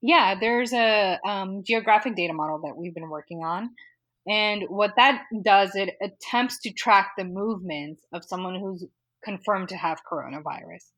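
A woman speaks casually on a podcast, at a middling pitch. She talks in a loose, chatty way, full of fillers and quick laughs. She is from California. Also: a bit bright. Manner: conversational, with frequent fillers and laughs. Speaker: data modeling guest.

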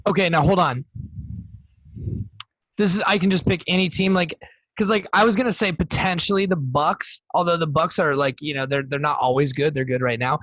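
Guy on a sports podcast, kinda high voice, dry close sound, lots of um like restarts. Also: a little fast, dry recording. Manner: animated, hesitant with many restarts. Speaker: podcast co-host. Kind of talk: casual chat.

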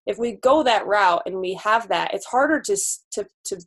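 A woman's voice: mid-range voice, animated, a bit bright. Woman, twenties, new physical therapist, candid, chatty podcast guest. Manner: candid, chatty, quick laughs. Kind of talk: casual podcast interview.

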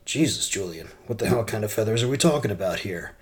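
Man voicing a blunt, low-voiced old newsroom editor, exasperated. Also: lively intonation, fast, close to an everyday voice. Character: veteran male news editor, blunt and frustrated.

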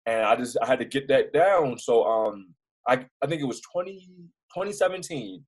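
Young man with a Baltimore accent, husky and mid-pitched, telling stories casually with many restarts. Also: moderate pace, low-quality recording. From Baltimore, United States. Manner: rambling, animated storyteller with many restarts and fillers. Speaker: news reporter, interview guest. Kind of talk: casual storytelling in an interview.

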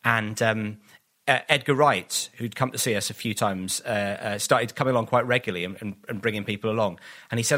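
A man's voice: on the low side, a little fast, bright, forceful tone. A man, a comedian guest on a podcast, chatting casually and telling rambling anecdotes full of restarts and acted-out quotes.

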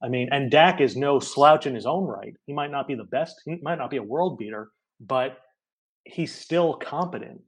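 A man on a podcast explaining football ratings in casual chat, in quick bursts and often checking with "right?". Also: medium pitch, lively intonation, breathy edge. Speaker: guest ratings analyst.

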